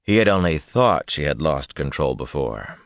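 Very deep-voiced male audiobook narrator. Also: big pitch swings, normal speed, vocal fry, no room sound, studio quality. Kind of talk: scripted narration.

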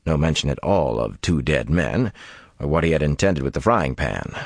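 A man narrating an audiobook in a steady, measured storytelling voice. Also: low-pitched, no room sound, studio quality. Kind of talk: scripted narration.

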